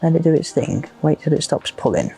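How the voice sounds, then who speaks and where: A man's voice: fairly high pitch, lively intonation, brisk, creaky, warm tone, a little hiss or hum. Chatty man commentating while fishing. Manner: chatty, rambling, leans on fillers like "just". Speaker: match angler presenting the video. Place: outdoors at a fishing lake.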